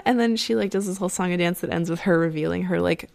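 A young woman chatting casually as she retells a story, full of "like"s and little laughs. Her voice is lowish and crackles with steady vocal fry. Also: fast, hardly any pauses. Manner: rambling, many fillers and "like"s, laughs often. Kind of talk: casual chat, retelling an opera plot.

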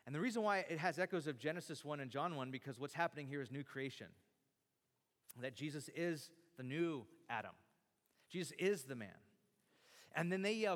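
A man's voice: on the high side, expressive, fairly quick, a bit bright. A man preaching a sermon, dramatically acting out the lines he quotes. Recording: long hall reverb.

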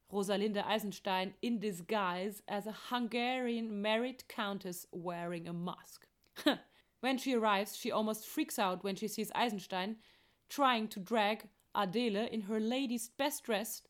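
A woman narrating an operetta's plot in a chatty, playful way, with joking asides. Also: medium pitch. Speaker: opera plot explainer.

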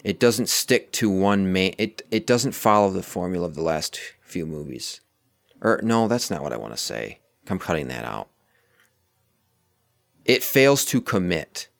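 Deep-voiced man rambling through a film breakdown. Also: big pitch swings, a little slow, vocal fry, no room sound. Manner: rambling, self-correcting, analytical. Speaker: film review co-host. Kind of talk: casual movie discussion. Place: outdoors near a street.

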